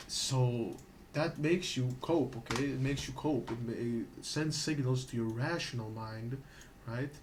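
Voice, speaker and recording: A man's voice: mid-range voice, unhurried. Guy ranting casually about getting better at games, swears a lot, keeps saying okay, mid voice, bit of hiss. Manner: profane, repetitive, checks in with "okay?". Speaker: gaming streamer. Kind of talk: casual explanatory rant.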